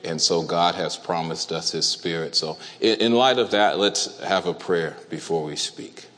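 A man preaching a sermon to a congregation, speaking deliberately and asking them questions. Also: low-pitched, fairly bright tone. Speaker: pastor. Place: church hall. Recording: reverberant church hall.

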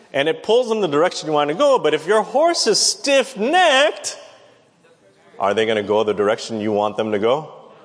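Lively male preacher in a reverberant hall. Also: a little high. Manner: conversational, questions the audience. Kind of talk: Bible teaching sermon. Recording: long reverb of a large hall.

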